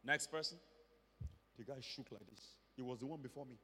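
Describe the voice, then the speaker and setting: A man's voice: medium pitch, fairly quick, long reverb tail, a little hiss or hum. A Nigerian man preaching as a pastor, telling a testimony and acting out the dialogue as he goes. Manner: animated storyteller acting out dialogue. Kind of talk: sermon testimony.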